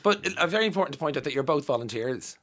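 Bright-voiced Irish male radio host. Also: a little high, lively intonation. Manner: chatty, teasing, quick to laugh. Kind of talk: casual live radio interview.

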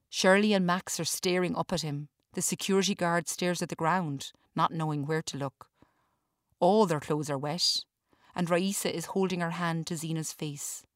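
A woman reading her own story aloud in a measured narrating style. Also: sits low, steady tone, dry recording, clean studio sound.

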